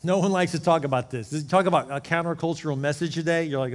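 Male pastor, sermon delivery, animated with loud and hushed swings, voice a touch high, long hall reverb. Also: quick pace. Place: church sanctuary.

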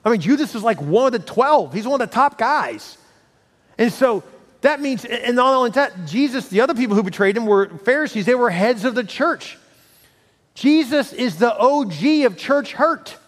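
A man preaching as pastor, telling the story with lively acted-out voices and frequent restarts. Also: extremely high pitch, moderate pace, long reverb tail. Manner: animated storytelling, acting out voices, many restarts. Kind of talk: sermon.

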